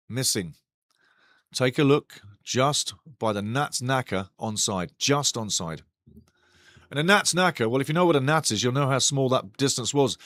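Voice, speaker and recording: A man's voice: medium pitch, fairly bright tone, no echo, clean studio sound. A man hosting a live match watch-along, commenting on the play and talking passionately to his chat. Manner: passionate, talks straight to chat; ranting, indignant.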